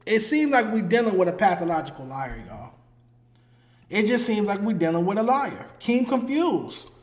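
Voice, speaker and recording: A man's voice: high-pitched, very animated, moderate pace, roomy sound. A man hosting his own commentary show, talking in a heated, emphatic way and hammering his points home through repetition. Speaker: host. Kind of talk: solo commentary.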